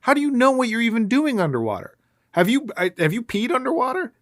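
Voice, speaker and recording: A man's voice: extremely high pitch, big pitch swings, fast, fairly bright tone, no echo, clean studio sound. A man co-hosting a podcast, recapping a movie in casual chat with a sarcastic, ranting manner. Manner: sarcastic, ranting, puts on silly voices. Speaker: podcast co-host.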